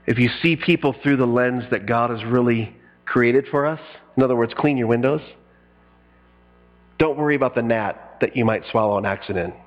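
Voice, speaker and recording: A middle-aged man preaching a sermon in an animated style, acting out quotes and breaking into sudden loud bursts. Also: medium pitch, moderate pace, dull audio. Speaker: pastor.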